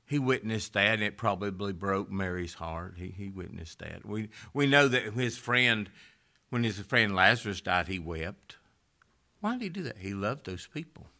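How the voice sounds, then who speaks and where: A man preaching a sermon, swinging from loud rising exhortation down to hushed near-whispers. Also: fairly low pitch, lively intonation, normal speed.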